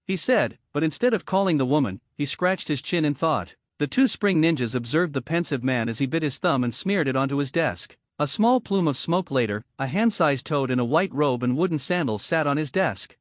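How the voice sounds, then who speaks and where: A man giving steady, even scripted narration of a fan-fiction story. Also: fairly high pitch, fairly quick, few pauses, no room sound, studio quality.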